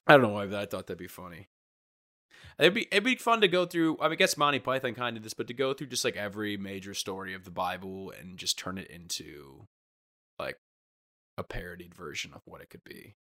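A man's voice: on the low side, expressive, a little fast, pushed and bright. A young man in casual podcast chat, rambling and profane, acting out comic bits.

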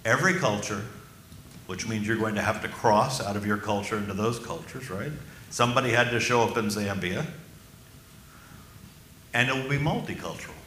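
A male pastor delivers a sermon in a bright, forceful voice. He is emphatic, slows right down to stress key phrases and asks the congregation questions. The sound is roomy, with a faint murmur of ambience behind. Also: lowish voice, slight background noise.

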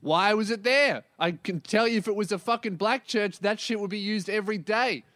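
A young man rants loudly on his own podcast, swearing constantly and hopping from one topic to the next. His voice sits fairly high, and the recording is dry with no room sound. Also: normal speed, no room sound. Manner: profane, yelling and ranting, jumps between topics. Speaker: podcast host. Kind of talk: solo comedic podcast rant.

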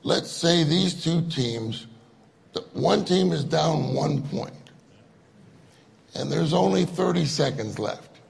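A man's voice: on the high side, lively intonation, takes it slowly, creaky, pauses often. A man giving a conversational sermon, joking and laughing with the audience as he asks them questions. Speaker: conference speaker.

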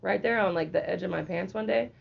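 A young woman co-hosting a podcast, telling a story in casual chat, animated and profane, laughing and acting out quotes. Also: fairly low pitch, fast, gravelly, husky. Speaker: podcast co-host. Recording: dull lo-fi audio.

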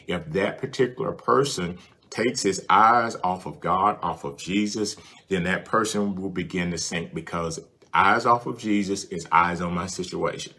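A man's voice: low voice, bright, forceful tone. A man preaching a sermon, earnest and repetitive, speaking straight to the listener. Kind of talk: sermon with prayer ministry.

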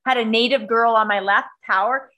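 A woman's voice: on the high side, normal speed, slight background noise, low-quality recording. A woman chatting casually, swearing a lot and acting out sounds and other people's lines as she tells a story. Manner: animated, acts out other voices and sound effects. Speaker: storyteller in a conversation. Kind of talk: casual chat, swearing freely.

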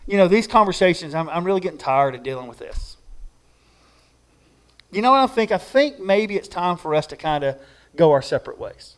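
A man's voice: high voice, animated, brisk. A man voicing an imagined Jesus during a sermon, talking plainly and personally to one listener. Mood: disappointed.

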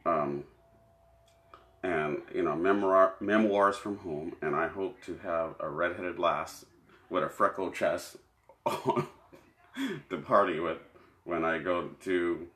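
A man's voice: low voice, fairly even intonation, slow pace, long pauses, a bit bright, roomy sound. A man co-hosting a podcast, chatting casually and crudely, rambling, joking and often laughing. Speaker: podcast co-host.

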